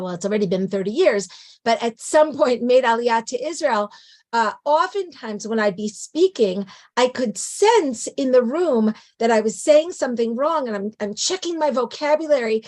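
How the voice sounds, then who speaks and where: A woman's voice: fairly high pitch, darkish tone. A middle-aged native English-speaking woman giving a conversational lecture, often checking in with a rhetorical "right?". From English-speaking country. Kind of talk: lecture on biblical poetry.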